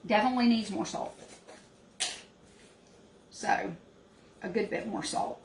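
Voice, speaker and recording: A woman chats her way through a home cooking demo, talking to her viewers in an unhurried, homey drawl. Her voice bounces around a small, echoey cabin kitchen, and plenty of background noise comes through the camera mic. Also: on the high side, fairly even intonation, creaky. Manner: homey, chatty, talks to viewers as y'all. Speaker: cooking show host. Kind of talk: casual cooking demonstration.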